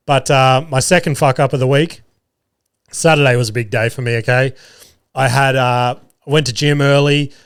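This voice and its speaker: A man's voice: medium pitch, clean tone. A young adult man, hosting a podcast in casual chat, rambling through stories and swearing freely. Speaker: podcast host.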